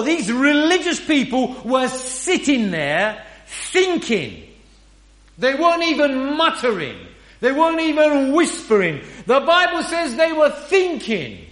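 A man's voice: very high voice, a bit bright. A man preaching a sermon in an earnest, emphatic way, often asking rhetorical questions. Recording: roomy echo.

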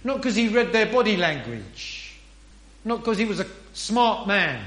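A man's voice: high-pitched, big pitch swings, measured pace, a bit bright. A man preaching a sermon in an earnest, emphatic way, often asking rhetorical questions. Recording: roomy echo.

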